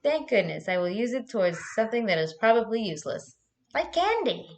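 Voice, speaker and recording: A woman's voice: mid-range voice, very animated, brisk, a little hiss or hum. A young woman chatting casually on a live stream, laughing often and swearing freely.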